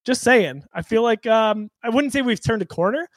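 A man's voice: extremely high pitch, animated, moderate pace, no echo. An enthusiastic man co-hosting a casual gaming podcast, talking upbeat about a new movie. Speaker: podcast co-host.

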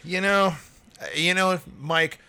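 A man's voice: sits high, steady tone, slow, sharp tone, clean tone. A man co-hosting a casual film podcast, laughing often as he jokes about a movie. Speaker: podcast co-host. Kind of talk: casual film-review chat.

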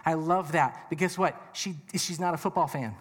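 A man with a high voice preaches to a crowd, chatting and joking and tossing out questions. The sound carries a long echo of a big hall behind him. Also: moderate pace. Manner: conversational and joking with the audience, rhetorical questions. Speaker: pastor. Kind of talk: sermon. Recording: reverberant hall.

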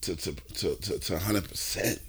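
A man with a very low voice talks easily with his co-host about his week. He circles back on his own phrases and fills the gaps with "um," without any rush. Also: moderate pace, fairly bright tone, husky. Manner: laid-back, repeats phrases, lots of fillers. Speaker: podcast co-host. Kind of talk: casual chat.

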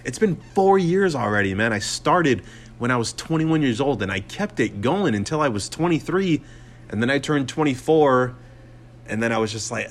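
Male, 20s, solo podcast host and comic; middle-pitched voice, cussing and sarcastic, rambling delivery full of fillers. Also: animated, normal speed.

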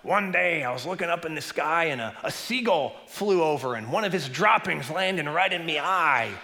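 A man voicing a gruff peg-legged pirate in a sermon joke, growling and saying "me" for "my", with long church reverb. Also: on the high side, animated, moderate pace, pushed and bright, voice pushed up. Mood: gruff storytelling. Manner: growling "arr", dropped "me" for "my".

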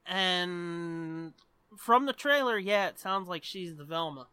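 High, bright-voiced man in animated banter. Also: takes it slowly, clear, resonant tone, no echo. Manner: animated, swears a lot, rambling. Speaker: podcast co-host. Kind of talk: casual chat.

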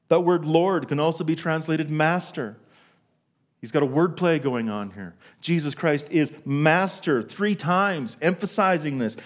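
A middle-aged man preaching a sermon to a congregation, telling a story from his own working life and slowing down to stress key words. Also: a little high, animated. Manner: storytelling, asks the congregation questions, slows for emphasis. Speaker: pastor.

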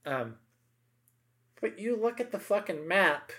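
A man's voice: high-pitched, lively intonation, slow pace, pushed and bright. A middle-aged man co-hosting a podcast, chatting casually and emphatically about politics, with many asides and tag questions.

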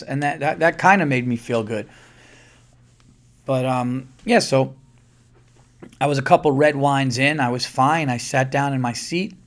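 A man's voice: mid-range voice, normal speed, pauses often. A man hosting a podcast, telling a story in casual monologue, acting out other people's lines and swearing freely. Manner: swears freely, repeats words when excited. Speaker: podcast host.

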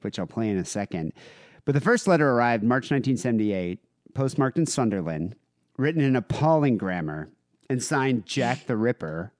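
A man's voice: medium pitch, a little mellow, dry recording. Man telling a true-crime story, dry mic. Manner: conversational, many fillers and asides. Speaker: podcast co-host.

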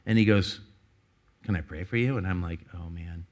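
A man's voice: low voice, fairly quick. A man preaching a sermon, telling a personal story in a rambling way with many restarts and laughs. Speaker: pastor.

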